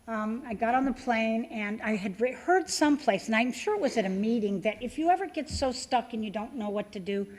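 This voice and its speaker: A woman's voice: a little high, animated, fairly quick, few pauses, darkish tone. A woman speaking at a recovery meeting, telling a personal story with many fillers and acting out the voices she quotes.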